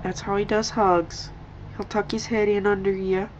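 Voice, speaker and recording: A woman vlogger talking softly to her old cat and her viewers, in tender coaxing baby talk, sometimes whispering. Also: mid-range voice, little pitch movement, highs cut off, noisy background. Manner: slow, gentle, at times whispered. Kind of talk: soft chat to a pet and viewers.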